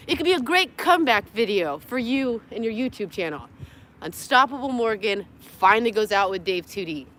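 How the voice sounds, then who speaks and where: A woman's voice: on the high side, expressive, unhurried, pauses often, fairly bright tone. A tired young woman rambling through a livestream from her parked car, joking crudely, laughing often and cooing at her dogs. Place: parked car in a parking lot.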